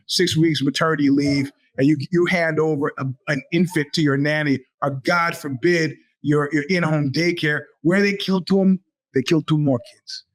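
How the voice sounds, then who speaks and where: A male podcast host delivers a loose, rambling monologue, sarcastic and full of profanity. His voice sits high for a man. He often slips into quick put-on voices when he quotes other people. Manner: animated, profane, sarcastic storytelling. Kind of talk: casual monologue.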